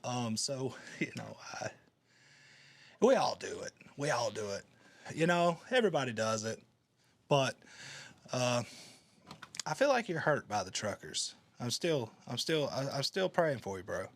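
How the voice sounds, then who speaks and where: A man's voice: medium pitch, sing-song, a little slow, gravelly, pauses often. A man hosting a podcast, answering call-in messages in a laid-back, rambling way. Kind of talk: casual commentary.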